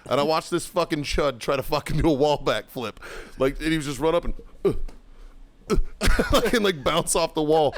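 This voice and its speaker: Podcast host, male, slightly raised pitch; swearing, laughing raconteur. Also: moderate pace. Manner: swears constantly, laughs through his own story. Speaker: podcast host telling a story. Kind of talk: casual profane storytelling.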